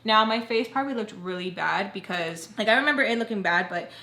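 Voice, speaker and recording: A woman's voice: mid-range voice, animated, fast talker, pushed and bright. A young woman vlogger telling a personal storytime in a casual, chatty way, often saying "like". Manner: chatty, fills talk with "like". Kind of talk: storytime narration. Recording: roomy echo, faint hiss.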